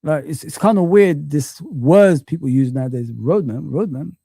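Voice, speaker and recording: A man hosts a live-stream football chat. His voice is gravelly and mellow, slightly high for a man, and dry and close to the mic. He rambles in puzzled repeated questions with many fillers. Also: animated, moderate pace, no room sound. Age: 40s. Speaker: host.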